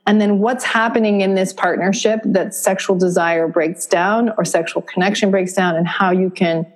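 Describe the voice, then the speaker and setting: A woman from Vermont, a therapist, explaining her courses to an interviewer in a steady, explanatory way. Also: mid-range voice, moderate pace. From Vermont, USA. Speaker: therapist and course creator, guest. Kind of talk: interview answers.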